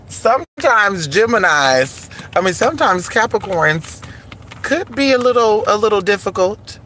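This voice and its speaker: Man, animated sassy car vlogger, higher voice, traffic audible behind. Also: a little slow. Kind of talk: casual car vlog. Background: road traffic.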